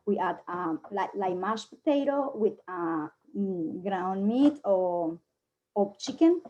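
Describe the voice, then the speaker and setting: A woman with a Colombian Spanish accent talks through a casual presentation, stopping often to hunt for the right word. Her voice is mellow and dark-toned, set at a middle pitch. She sounds like someone speaking her second language. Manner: halting, many fillers, searching for words. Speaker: guest presenter.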